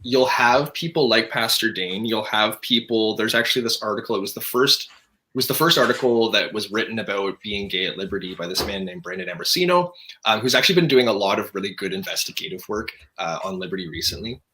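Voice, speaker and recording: A man's voice: lowish voice, animated, bright, forceful tone. A young man talking earnestly as an interview guest, emphatic, with frequent restarts. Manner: earnest, emphatic, talks in quick bursts with restarts. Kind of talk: casual conversation.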